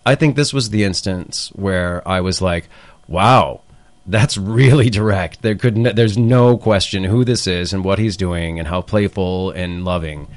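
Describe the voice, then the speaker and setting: A man, a guest on the show, speaking in a soft-spoken, hesitant way with halting restarts. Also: deep voice, no room sound. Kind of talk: casual chat.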